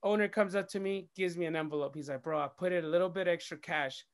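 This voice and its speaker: Guy with a high voice telling a story all animated, cussing, doing the other people's lines. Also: fast. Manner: expressive, swears casually, acts out quoted dialogue. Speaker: DJ and radio host, interview guest. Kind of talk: animated storytelling in casual chat.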